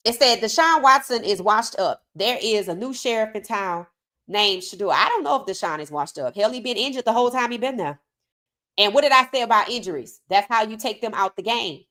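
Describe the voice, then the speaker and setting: A woman's voice: a little high, expressive, fairly quick, sharp tone. Outspoken woman sports podcast host. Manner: outspoken, reads chat comments aloud. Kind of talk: casual live-stream commentary.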